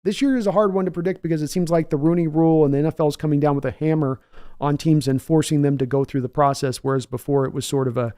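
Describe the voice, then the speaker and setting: A man's voice: fairly high pitch, steady tone, fast talker, warm tone, clear, resonant tone, no room sound, studio quality. A man hosting a casual livestream, chatting loosely and answering viewers' comments by name. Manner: rambling, conversational, reads out viewer names. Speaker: host.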